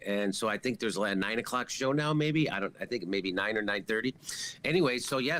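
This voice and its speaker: A man's voice: lowish voice, fairly bright tone. A man appearing as a comedian guest over a video call, rambling with many fillers. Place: room at home.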